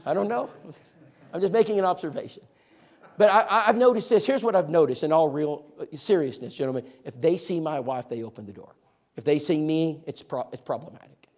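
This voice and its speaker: A man training a church group in outreach, telling stories in a lively, joking way and speaking to listeners directly. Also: a little high, brisk. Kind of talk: animated storytelling talk to a church group.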